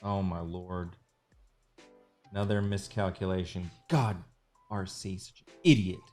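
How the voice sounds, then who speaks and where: A man's voice: sits low, fairly even intonation, unhurried, darkish tone, soft background music. A man hosting a live sketch stream, joking around and mocking himself in casual banter. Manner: joking, self-mocking, playful. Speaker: livestream host sketching live.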